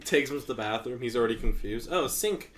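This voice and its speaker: A man's voice: medium pitch, expressive, a little fast, slight background noise. Joking man riffing in casual chat. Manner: jokey, riffs on wild ideas.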